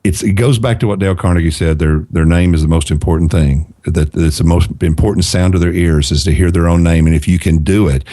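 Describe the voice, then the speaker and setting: A middle-aged man with a very deep voice talks as a podcast guest. He gives earnest advice and repeats phrases for emphasis. His tone is dark and mellow, and the sound is dry. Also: fairly even intonation, brisk, hardly any pauses, dry recording. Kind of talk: casual podcast conversation.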